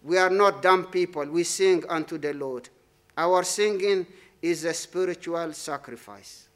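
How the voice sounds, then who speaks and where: A man preaching a sermon in a church, emphatic, repeating his phrases and trailing off softly at the ends of lines. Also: a little high, unhurried.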